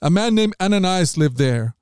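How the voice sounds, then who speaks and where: A man reading Bible passages aloud as a podcast host, in a measured, steady manner that lifts slightly on quoted speech. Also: high-pitched, clear, resonant tone, no room sound, clean studio sound.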